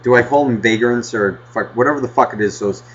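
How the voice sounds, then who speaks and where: A man casually telling a rambling childhood story on a podcast, swearing constantly and getting animated. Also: mid-range voice, quick pace. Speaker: podcast host. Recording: dull lo-fi podcast audio.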